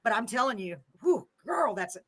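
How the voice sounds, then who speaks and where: A woman's voice: a little high, very animated, normal speed, crowd noise. A middle-aged woman hosting a live show, effusive and chatty, laughing often. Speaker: host. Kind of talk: casual live show chat.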